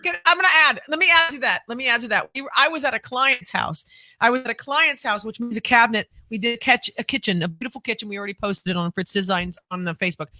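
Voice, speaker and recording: Woman co-host just chatting, bright voice, keeps repeating herself, dry sound. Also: a little high, fast talker, no room sound. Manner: chatty, eggs on her co-host, repeats phrases. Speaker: podcast co-host. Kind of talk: casual chat.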